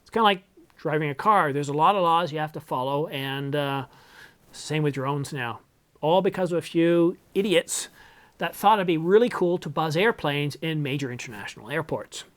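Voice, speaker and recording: On his filmmaking channel, a middle-aged man from Canada answers viewer questions in a relaxed monologue. His voice sits on the high side and is expressive, moving at a moderate pace as he rambles, backtracks to fix himself, and slips in dry humor.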